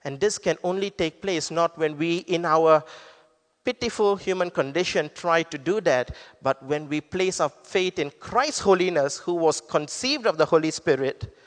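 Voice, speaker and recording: Guy preaching a sermon, kinda high voice, long echo in a big hall. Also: normal speed. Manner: earnest, explanatory preaching with scripture quotes. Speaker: pastor.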